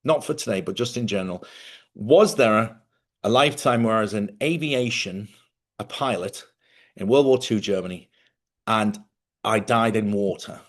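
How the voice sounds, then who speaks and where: A man's voice: lowish voice, moderate pace. A middle-aged man hosting a casual spiritual talk to viewers, chatty and rambling, correcting himself and laughing often. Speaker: host.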